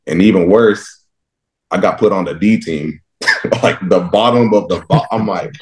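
A young man from Texas with a low, deep voice tells stories from his football life in a relaxed interview. He is animated, laughs often and acts out his younger self in his own words. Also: normal speed. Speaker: guest, professional football linebacker. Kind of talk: casual interview storytelling.

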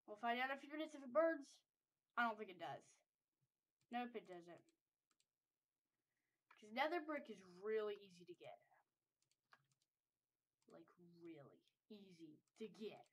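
Woman, higher voice, congested, casual gameplay chatter, thinking aloud. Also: lively intonation, normal speed, pauses often, a bit bright, rough recording. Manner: rambling, thinking aloud while building. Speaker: server owner playing a game.

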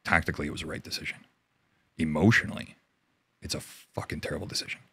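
A very deep, gravelly man from Canada talks through a war story as an interview guest. His voice is husky, with a rough fry on it. He swears freely and often breaks off mid-sentence to start again, and the recording is close and dry. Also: steady tone, fairly bright tone, no echo. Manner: profane, halting, restarts often. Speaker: interview guest, army veteran.

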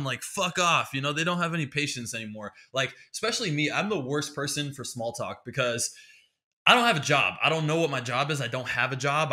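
A man's voice: medium pitch, sharp tone. A man hosting a podcast, rambling through a sarcastic, profane comedic monologue. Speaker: podcast host.

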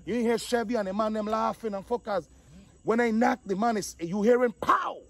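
A man, animated casual storytelling, acting out the voices of the people in his story. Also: high-pitched, fairly quick, vocal fry. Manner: animated, acts out quotes, repeats 'dog'.

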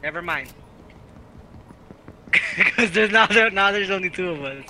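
A man's voice: high-pitched, expressive, measured pace, sharp tone, slight background noise, low-quality recording. A young man playing a game with friends, teasing them, laughing and trash-talking. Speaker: gaming teammate. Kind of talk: casual gaming chat with friends.

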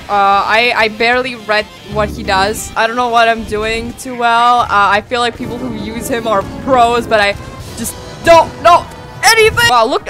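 A woman's voice: on the high side, sharp tone. A woman giving casual gameplay commentary, self-deprecating and giggly, often breaking into squeals and laughter. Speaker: gaming YouTuber.

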